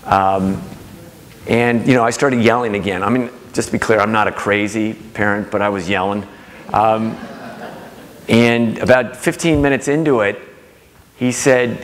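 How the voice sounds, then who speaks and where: A man's voice: lowish voice, steady tone, moderate pace. Storytelling man in a reverberant hall. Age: middle-aged. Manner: warm anecdotal storytelling, acting out quoted voices. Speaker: speaker giving a talk. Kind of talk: storytelling talk to an audience.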